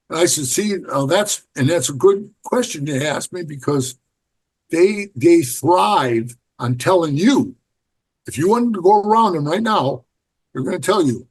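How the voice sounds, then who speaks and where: A middle-aged man with a somewhat high, husky voice tells stories in a blunt, profane way. He acts out what others said to him with lively swings in his voice. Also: measured pace. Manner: blunt, profane, animated storyteller acting out quotes. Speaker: podcast guest, former biker club member. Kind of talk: casual storytelling interview.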